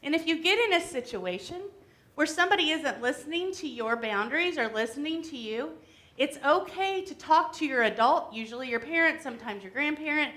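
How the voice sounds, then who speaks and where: A woman leading a children's segment of a church service, explaining things gently and simply to the kids. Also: high voice, lively intonation, a little fast. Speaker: worship leader for a children's segment. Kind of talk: time-for-all-ages talk to children. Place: church sanctuary.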